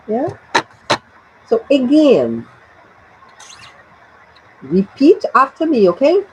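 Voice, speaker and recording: Slow, lively Brazilian woman teacher. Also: a little high, muffled recording, slight background noise. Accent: Brazilian Portuguese. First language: Portuguese. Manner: slow, drilling phrases for students to repeat. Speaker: English teacher. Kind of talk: English grammar lesson.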